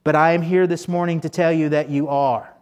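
A man's voice: on the high side, fairly even intonation, fairly quick, darkish tone. A man preaching a sermon in a conversational, folksy way, full of fillers and restarts. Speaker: pastor.

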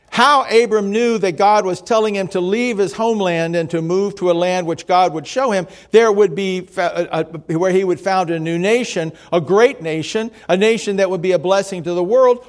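High-voiced man preaching a sermon. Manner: measured storytelling, reads quotes aloud, slows for emphasis. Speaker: pastor.

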